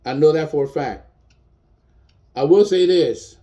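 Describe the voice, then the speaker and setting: Blunt mellow-voiced man in his fifties. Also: a little high, unhurried. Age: 50s. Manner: blunt, defiant and emotional, repeating points for emphasis. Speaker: chef. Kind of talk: personal video rant.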